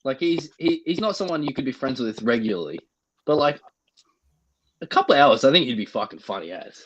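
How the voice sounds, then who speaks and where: A man's voice: medium pitch, very animated, fairly quick, dull audio, a little hiss or hum. A man co-hosting a podcast, joking and chuckling in a laid-back way. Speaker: podcast co-host. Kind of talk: casual podcast chat.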